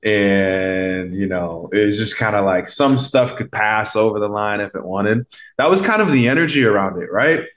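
A man with a fairly low voice chats as a podcast guest, a mindset coach who tells his story in a loose, meandering way. He leans on fillers and slips into quoted voices as he goes. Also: animated, normal speed, few pauses, fairly bright tone. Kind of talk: casual conversational storytelling.

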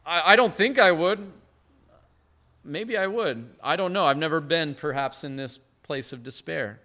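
A man preaching a sermon as pastor, earnest and conversational, swinging from hushed to emphatic. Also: a little high, a little slow. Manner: conversational asides with short laughs.

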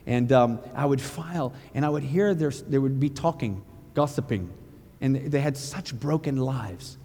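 A man preaching a sermon with passion, firing rhetorical questions and building to near-shouting. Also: mid-range voice, unhurried, long reverb tail.

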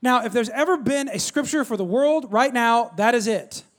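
A man in his thirties preaching a sermon, energetic, repeating phrases and calling on the congregation to respond. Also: moderate pace. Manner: drops low and quiet when telling a story. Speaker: pastor.

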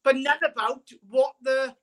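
Bright-voiced Welsh man, rambling. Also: extremely high pitch, little pitch movement, measured pace. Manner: rambling, hesitant, with lots of fillers. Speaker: caller. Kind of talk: casual chat.

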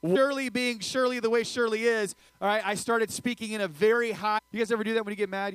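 An energetic male preacher with a slightly high voice, joking and talking straight to his young crowd. The sound is dry, with little room echo. He delivers a loose, casual sermon. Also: quick pace, few pauses, clean tone. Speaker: youth pastor.

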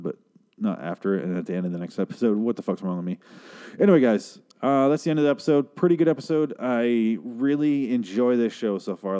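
A man's voice: lowish voice, warm tone. A man hosting a casual solo podcast, rambling and profane with sarcastic asides, tired and struggling for words. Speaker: podcast host.

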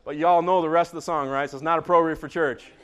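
A man preaching a sermon as pastor in a church, swinging from hushed tones to shouting. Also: a little high, steady tone, fast, smooth. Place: church sanctuary.

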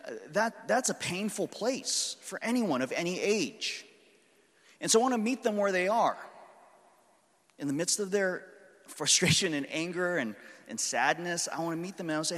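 High-voiced pastor preaching in a reverberant hall. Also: male voice, lively intonation, moderate pace. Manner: conversational storytelling, warm and earnest. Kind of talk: sermon.

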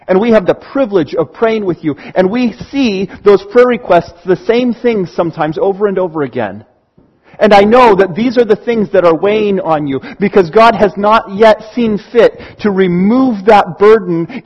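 A man, a church elder, preaching a sermon in an earnest, pastoral way with slow, emphatic pauses. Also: high-pitched, lo-fi sound.

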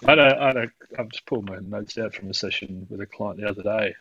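Man, coach, podcast chat, lowish voice, rambling, laughs a lot, dull lo-fi sound, dry close mic. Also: fast, bright, forceful tone, dry recording. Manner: rambling, laughs often, acts out quoted voices. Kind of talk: casual podcast conversation.

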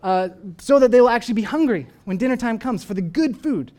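A man's voice: extremely high pitch, animated, a little fast, a little mellow. A young man, a pastor, preaching a sermon in a conversational, storytelling way, full of casual asides. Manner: conversational storytelling, uses "like" often.

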